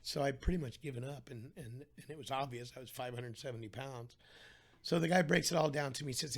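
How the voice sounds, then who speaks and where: A man's voice: mid-range voice, brisk, husky. A middle-aged man telling his own weight-loss story in a casual interview, acting out the voices of people he quotes.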